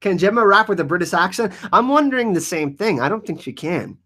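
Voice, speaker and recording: An energetic man hosting a casual live-stream Q&A, rambling with many restarts. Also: high voice, a little fast. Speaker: YouTube channel host.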